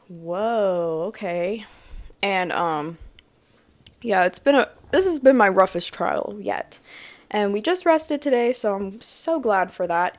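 A woman co-hosting a podcast in casual chat, talking in a chatty, animated way. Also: medium pitch. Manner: chatty, animated, tired after long workdays. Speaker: podcast co-host.

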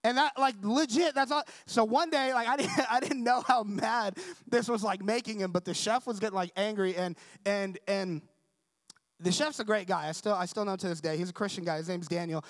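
A young preacher with a high-pitched voice talks fairly quickly in a dry recording. His sermon is conversational: he tells a story, acts out the dialogue, and often checks in with the audience to ask for their agreement.

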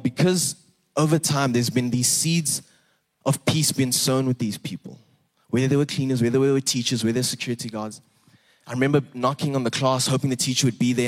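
A young man preaching a sermon, earnest and animated, repeating words and rising for emphasis. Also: mid-range voice. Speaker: pastor.

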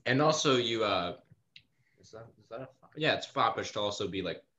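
A man's voice: lowish voice, expressive, brisk, sharp tone. A man acting as game master in a casual tabletop session over a voice call, explaining things at length in an opinionated way. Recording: muffled call audio with faint noise.

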